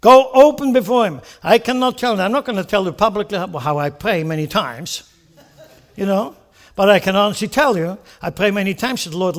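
Male pastor with a high voice, preaches an animated sermon, keeps asking the congregation questions. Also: brisk. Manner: animated preaching with rhetorical questions and acted-out prayers.

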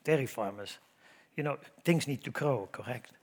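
A middle-aged man, a pastor preaching a sermon in a Midwestern church, swinging between loud exhortation and hushed asides. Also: medium pitch, normal speed.

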